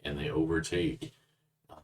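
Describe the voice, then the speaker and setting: Very deep, gravelly man teaching the Bible. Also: huge pitch swings, moderate pace, darkish tone. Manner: blunt, conversational. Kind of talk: verse-by-verse Bible commentary. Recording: distant mic with faint noise.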